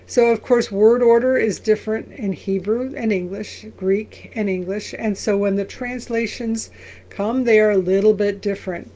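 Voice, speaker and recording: Woman pastor doing a bible reading, slow reading then chatty explaining, sometimes sings a line. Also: mid-range voice, steady tone, mellow. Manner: reads scripture slowly, then explains in a conversational way; briefly sings lines of an old song.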